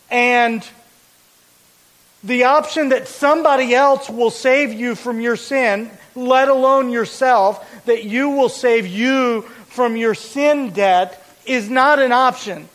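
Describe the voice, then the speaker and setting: A man preaching a sermon as pastor, explaining a verse with deliberate, emphatic repetition. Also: very high voice, a bit bright, rough recording.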